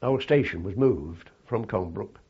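An older man recalling his wartime service in a halting, reflective way, with frequent fillers and restarts. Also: fairly low pitch, expressive, a little mellow, breathy edge, muffled recording. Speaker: interviewee. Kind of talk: oral history recollection.

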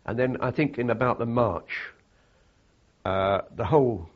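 An older man recalling his wartime service in a halting, reflective way, with frequent fillers and restarts. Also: mid-range voice, lo-fi sound. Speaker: interviewee. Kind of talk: oral history recollection.

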